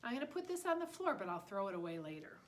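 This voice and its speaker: A woman's voice: medium pitch, sing-song, fast talker, a little hiss or hum. A woman teaching a listening lesson to preschool children, talking in an exaggerated, sing-song way.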